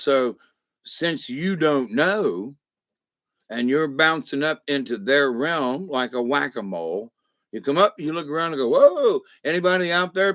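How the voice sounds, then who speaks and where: A man's voice: mid-range voice, fairly bright tone, no echo. Rambling folksy man. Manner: rambling, folksy, acts out voices. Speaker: spiritual teacher. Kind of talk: casual spoken lesson. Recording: dull muffled sound.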